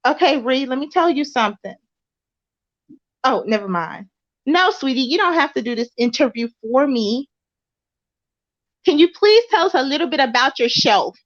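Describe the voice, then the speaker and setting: A woman plays a prim, patient interviewer with a Memphis Southern accent, her voice high and lively. She keeps her questions polite and apologetic. The recording is dull and lo-fi. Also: moderate pace, pauses often, no echo.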